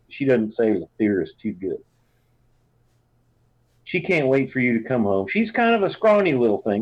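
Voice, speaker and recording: A man's voice: medium pitch, close to an everyday voice. A man voicing a fierce, doting farm mother with an American Southern drawl, reading out a rambling letter home. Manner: warm, rambling, folksy drawl. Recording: dull lo-fi sound.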